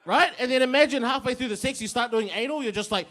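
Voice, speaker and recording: A man's voice: very high-pitched, a little fast, hardly any pauses, fairly bright tone. A young man performing a crude, self-mocking stand-up set on a pub stage. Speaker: stand-up comedian.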